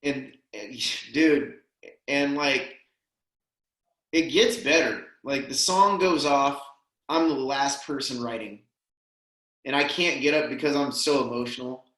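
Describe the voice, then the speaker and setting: A man's voice: mid-range voice, unhurried, fairly bright tone. A man telling a heartfelt story as a podcast guest, earnest and emotional, often saying "man" and "dude". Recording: roomy echo.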